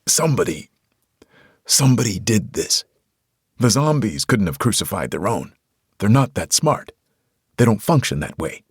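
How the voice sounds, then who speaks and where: A man's voice: on the low side, big pitch swings, moderate pace, pauses often, breathy edge, dry recording, clean studio sound. A man voicing a blunt, level-headed survivor who presses for answers. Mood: tense.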